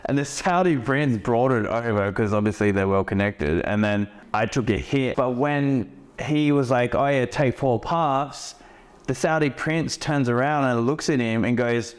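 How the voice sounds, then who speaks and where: A man hosts a podcast in a loose, rambling way, laughing often through his stories. His voice sits at an ordinary middle pitch. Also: measured pace, smooth. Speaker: podcast host. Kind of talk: casual podcast chat.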